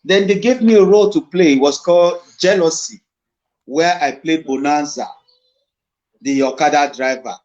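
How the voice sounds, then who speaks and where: A man's voice: on the high side, moderate pace. A middle-aged man with a Nigerian accent, an actor telling stories in a casual interview and slipping into Pidgin. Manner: animated storyteller, dips into Pidgin. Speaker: guest actor. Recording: dull lo-fi recording.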